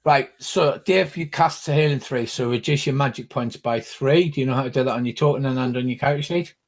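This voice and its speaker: Rambling older man running a tabletop game. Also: medium pitch. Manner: rambling, halting explanations with many fillers. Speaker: game master.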